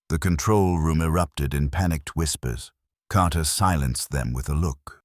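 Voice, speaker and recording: Very deep-voiced man narrating horror. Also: breathy edge, no echo, studio quality. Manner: grave, measured storytelling.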